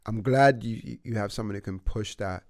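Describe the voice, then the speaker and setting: Laid-back man, low voice. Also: a little fast, a little mellow, dry recording, clean studio sound. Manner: laid-back, slangy, laughs often. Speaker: podcast host. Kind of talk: casual interview chat.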